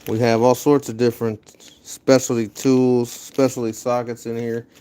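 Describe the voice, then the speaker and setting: A man's voice: medium pitch, level tone, normal speed, mellow, clear, resonant tone. A young American man live-streaming from his home garage, chatting casually with viewers and giving rambling, upbeat pep talks while he sorts tools. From USA. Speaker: livestreaming garage vlogger.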